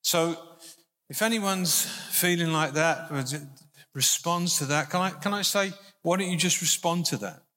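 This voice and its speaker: A man's voice: a little high, a little slow, sharp tone. Guy minister chatting through a sermon, lots of restarts, echoey church hall. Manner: informal, conversational preaching with frequent restarts. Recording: hall reverb.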